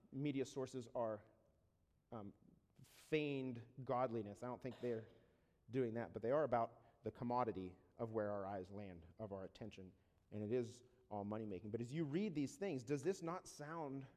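A man preaching a sermon in a conversational way, often checking in with rhetorical questions and slowing down to read scripture deliberately. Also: mid-range voice, darkish tone. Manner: reads scripture slowly and deliberately. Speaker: pastor. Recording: long reverb of a large hall.

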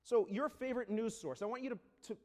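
A man preaching a sermon in a conversational way, often checking in with rhetorical questions and slowing down to read scripture deliberately. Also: very high-pitched, mellow. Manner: reads scripture slowly and deliberately. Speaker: pastor. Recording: long reverb of a large hall.

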